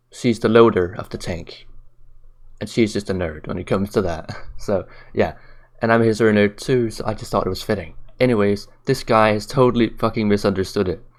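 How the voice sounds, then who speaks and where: A man's voice: fairly low pitch, normal speed. Tired, profane ranting man. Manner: profane, blunt, mocking. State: tired, late at night. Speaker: commentary vlogger. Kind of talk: ranting commentary.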